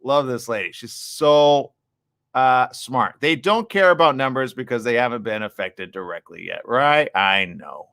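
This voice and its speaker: A sleep-deprived man hosts a live morning stream, ranting in a blunt, sarcastic way. His voice is bright and forceful and swings widely in pitch. The sound is dry and close. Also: expressive, a little slow, creaky, smooth, no room sound. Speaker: live morning show host. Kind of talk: casual live-stream commentary.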